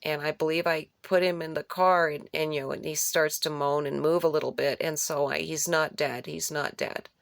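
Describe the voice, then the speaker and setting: Low, gravelly woman for an unscripted dream-retelling vlog; rambling delivery that repeats key phrases, dry close sound. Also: little pitch movement, a little fast, hardly any pauses, no echo. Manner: rambling, with restarts and searching for words. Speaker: vlogger recounting a dream.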